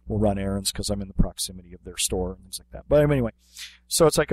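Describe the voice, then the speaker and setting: A man's voice: fairly low pitch, fast talker. A man co-hosting a podcast, telling a funny story in casual chat with lots of fillers and restarts. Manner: animated anecdote telling with many fillers. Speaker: podcast co-host, martial arts instructor.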